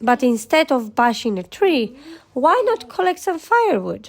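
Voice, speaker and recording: A woman voicing a sweet, gentle young princess in a storybook. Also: high voice, big pitch swings, moderate pace, gravelly, full character voice. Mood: coaxing.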